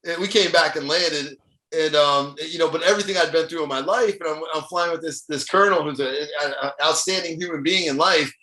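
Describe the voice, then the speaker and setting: A middle-aged motivational speaker from Ohio, USA, tells stories as a podcast guest in a casual interview. His voice is fairly high, bright and forceful, and his brisk, animated delivery often breaks into chuckles. The room is echoey.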